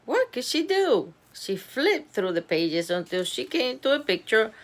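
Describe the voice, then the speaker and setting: A woman reading a children's chapter book aloud at home, animated and giggly, stopping to chat about the story. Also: fairly high pitch, a little slow. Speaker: storybook reader.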